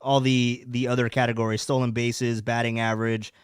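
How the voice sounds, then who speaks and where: Man co-host, casual sports podcast, rambling stammery delivery, smooth voice, dry close mic. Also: medium pitch, level tone, brisk, no echo.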